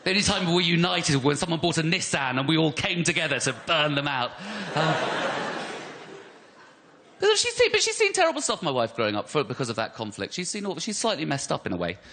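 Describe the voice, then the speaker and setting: A man's voice: fairly high pitch, lively intonation, fast, few pauses, bright, forceful tone, slight background noise. An English man from West London doing a self-deprecating stand-up set with stammering repeats, on a live comedy stage. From West London, England. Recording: live stage recording with audience laughter.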